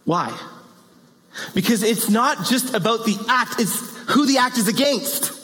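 A man preaching a sermon in an animated way, with playful asides and rising exclamations. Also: very high-pitched, a little slow. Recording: long hall reverb.

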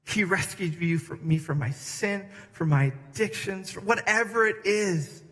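A man preaching a sermon to a congregation, lively and emphatic, shifting his pace for emphasis. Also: sits high, a little slow. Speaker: pastor. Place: church hall with congregation. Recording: echoey hall.

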